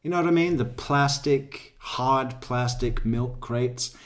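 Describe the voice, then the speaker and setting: A male true crime commentator talks slowly and casually, drifting between thoughts. He swears freely and chuckles at his own asides. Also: medium pitch. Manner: profane, rambling, laughs at own jokes. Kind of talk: casual commentary over court footage.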